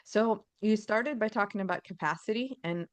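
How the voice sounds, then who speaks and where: A woman hosting a podcast, asking her guest a question in a soft-spoken, measured way. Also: medium pitch, no echo. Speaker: podcast host. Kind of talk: interview questioning.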